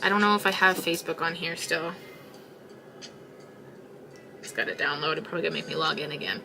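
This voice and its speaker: A woman's voice: deep voice, fairly quick, gravelly, background noise. A young woman chatting casually while she crochets, rambling and exasperated as she talks to her viewers. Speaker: crochet livestream host.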